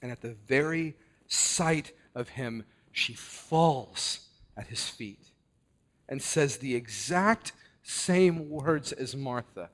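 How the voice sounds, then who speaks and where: A man preaching a sermon with earnest, deliberate delivery and dramatic emphasis. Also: a little high, lively intonation.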